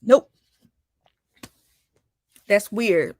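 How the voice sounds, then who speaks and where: A woman vlogger delivers a casual opinion rant, sassy and animated, breaking into laughter. Her voice sits at a medium pitch, and the sound is dry and close. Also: drawn-out words, no echo. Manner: animated and sassy, laughing, calling out with "honey" and "baby". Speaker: vlogger host.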